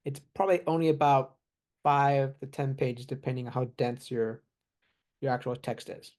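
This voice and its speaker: A man in casual chat, relaxed, explaining technical points with examples and small laughs. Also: mid-range voice, normal speed. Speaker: AI expert guest.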